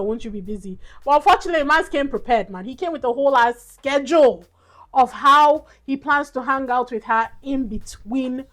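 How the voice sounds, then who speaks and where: A young woman giving a casual, exasperated recap of a dating show, with laughing asides. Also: a little high. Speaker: reality show reviewer.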